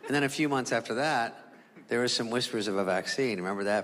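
A man's voice: lowish voice, steady tone, fast, noisy background. A man from California doing a stand-up comedy set, exasperated and profane. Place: comedy stage before an audience. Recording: reverberant hall with laughing crowd.

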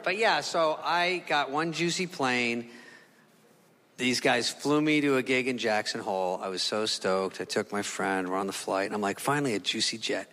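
A male stand-up comedian tells a story, and his voice jumps high and panicky when he acts himself out. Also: steady tone, moderate pace, sharp tone. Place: comedy club stage before an audience. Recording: live from a hall with crowd noise. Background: audience laughter.

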